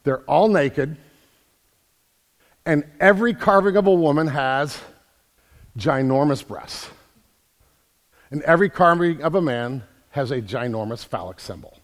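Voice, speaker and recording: A man preaching a sermon as pastor, building from quiet earnest talk to loud emphatic calls. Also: fairly high pitch, animated, unhurried, long pauses. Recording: long hall reverb.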